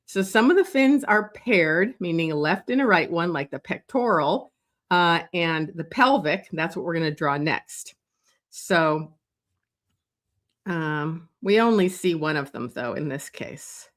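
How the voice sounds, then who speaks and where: Slow, low-voiced woman teaching drawing. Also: lively intonation. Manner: slow, thinking aloud while sketching, many fillers. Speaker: drawing instructor. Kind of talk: live drawing lesson. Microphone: streaming setup.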